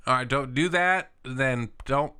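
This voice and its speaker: A man improvising a comedy sketch in a rambling, repetitive, deadpan goofy manner. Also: medium pitch, unhurried, smooth, no echo, studio quality. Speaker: comedy improviser playing a police dispatcher.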